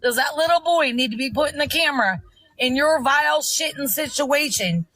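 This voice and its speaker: A woman's voice: sits high, expressive, normal speed, fairly bright tone, no echo, low-quality recording. A middle-aged woman on a livestream, angrily confronting someone in an insistent, repetitive, scolding way. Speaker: livestream guest confronting host.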